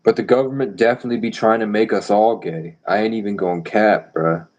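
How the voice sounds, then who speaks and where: A man's voice: lowish voice, fairly even intonation, fairly quick, a little mellow, highs cut off. A man rambling boastfully and provocatively on a live stream.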